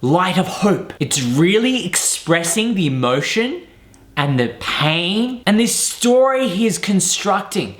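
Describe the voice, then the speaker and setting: A man coaching public speakers walks through a famous speech with upbeat enthusiasm. His voice sits high for a man, and the room adds a noticeable echo. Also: big pitch swings, slow, a bit bright. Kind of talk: speech analysis commentary. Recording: roomy echo.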